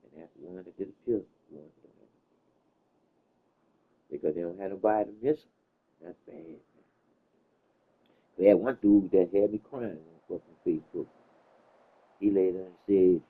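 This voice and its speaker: Guy rambling and cussing, kinda low voice, tinny phone sound. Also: moderate pace, pauses often, breathy edge. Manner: loose storytelling with slang and cursing. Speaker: host. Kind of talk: casual chat.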